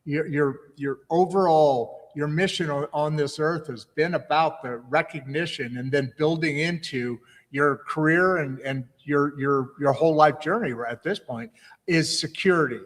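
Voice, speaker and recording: A man's voice: on the high side, moderate pace, big-room sound. A man hosting a livestream interview, chatty and rambling, often restarting his sentences. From United States. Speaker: host.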